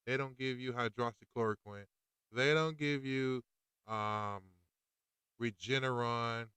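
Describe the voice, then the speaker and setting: A man's voice: mid-range voice, bright, forceful tone, smooth, no room sound, low-quality recording. A man hosting a podcast, talking in a fired-up, preachy and slangy monologue. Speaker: podcast host. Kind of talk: opinionated monologue.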